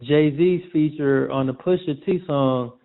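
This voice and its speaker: A man's voice: on the high side, slow pace. Slangy man on a tinny line. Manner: relaxed, storytelling, slangy. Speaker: sportswriter guest. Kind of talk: casual interview chat. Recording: tinny phone-like audio.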